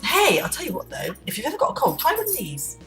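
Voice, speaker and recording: Speaking fast, a woman with a slightly high, very lively voice rambles playfully in an unscripted vlog chat to camera at home. She sounds distant from the mic in an echoey room, with faint music behind her.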